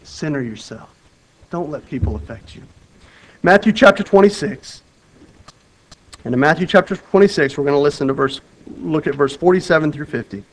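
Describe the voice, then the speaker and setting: This preacher, whose voice sits a bit high for a man, reads from the Bible within an earnest, conversational sermon at normal speed with long pauses. He keeps restarting and circling back, swinging between urgent loud outbursts and quiet emphasis, and the audio is poor.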